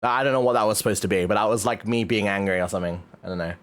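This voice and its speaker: A man streaming and chatting casually, animated, swearing often and laughing a lot. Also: lowish voice, racing, clear, resonant tone. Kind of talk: casual chat.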